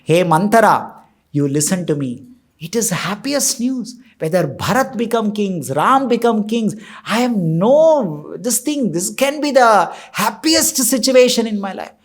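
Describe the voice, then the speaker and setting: A man's voice: sits high, animated, unhurried. A man speaking as an overjoyed, generous queen who is effusive and eager to give. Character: overjoyed generous queen, middle-aged woman.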